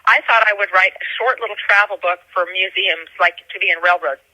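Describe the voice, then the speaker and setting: Woman author chatting eagerly, really bright voice, dead dry sound. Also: medium pitch, fairly quick, no room sound, low-quality recording. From Georgia. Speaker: author and guest. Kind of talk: casual interview chat.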